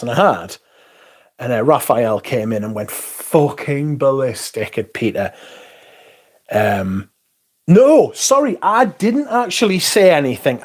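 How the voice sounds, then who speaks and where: A man hosting a livestream, ranting casually with heavy swearing and rambling asides. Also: mid-range voice. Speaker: livestream host.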